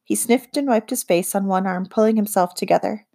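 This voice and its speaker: Woman reading a children's novel aloud. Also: medium pitch. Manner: calm, measured storytelling. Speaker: audiobook narrator. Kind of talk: scripted audiobook narration.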